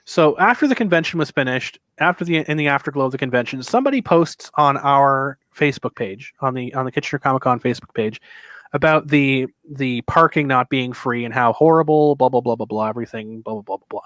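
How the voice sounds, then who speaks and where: A man in the middle of a long story, getting animated and putting on voices for the people in it. He talks loosely and swears freely. The sound is dry and close, with no room echo. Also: medium pitch, a little fast. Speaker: podcast co-host telling a convention story. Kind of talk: casual storytelling.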